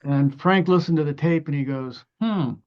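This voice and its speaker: A man's voice: fairly high pitch, moderate pace, muffled recording. An older man from Ohio, a musician guest telling long stories full of restarts and fillers, acting out other people's lines as he goes. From Ohio, USA. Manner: rambling anecdotes with many restarts and fillers. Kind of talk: conversational storytelling.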